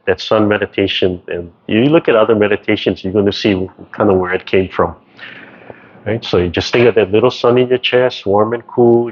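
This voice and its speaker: A man's voice: lowish voice, breathy edge. A man teaching a tai chi class over a video call in a casual way, ending nearly every phrase with "right?". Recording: dull lo-fi video call audio.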